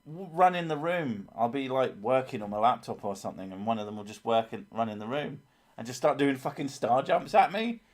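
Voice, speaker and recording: A man's voice: medium pitch, expressive, a little fast. A man hosting a casual live stream, chatting crudely with lots of swearing and laughter. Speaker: streamer, host of a horror story channel.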